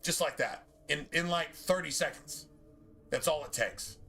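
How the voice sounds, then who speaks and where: A man's voice: on the high side, a little slow, creaky, bright, forceful tone, faint music behind. A man streaming a game, ranting profanely to his chat in a loose, rambling way. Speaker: gaming streamer. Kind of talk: casual rant to stream chat.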